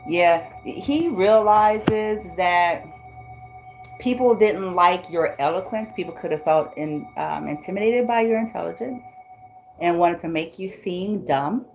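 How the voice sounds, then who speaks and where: A woman's voice: fairly low pitch, measured pace, darkish tone, soft background music, low-quality recording. A woman giving a spoken tarot reading in a blunt, profane, slangy way. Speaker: tarot reader.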